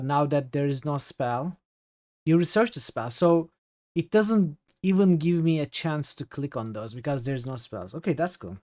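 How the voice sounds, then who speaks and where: A native Turkish speaker with a Turkish accent gives casual commentary while streaming a game, his voice fairly high and a little mellow with no room sound. He thinks aloud and reads chat, using lots of fillers.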